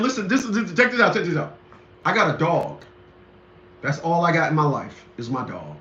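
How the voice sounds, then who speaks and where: A man's voice: fairly high pitch, sing-song, normal speed, a bit bright. A man delivering a rambling, indignant ranting monologue, repeating himself often. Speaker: commentator. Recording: echoey, dull lo-fi room sound.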